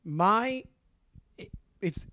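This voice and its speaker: A man, co-hosting a podcast and telling animated stories with swearing and restarts. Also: high-pitched, extremely slow, slight background noise. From Long Island, New York. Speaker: podcast co-host. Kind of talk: casual chat.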